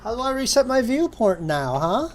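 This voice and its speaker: Her voice a little high and very animated, a woman streams casually while doing 3D modeling. She slowly narrates her steps to herself and chats with her cat, by turns fond and exasperated.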